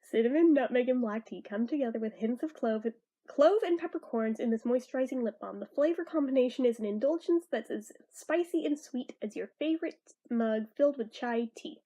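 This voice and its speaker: A woman's voice: on the high side, brisk, warm tone. A woman with a stuffy nose chatting through a casual product review, bubbly and easily sidetracked.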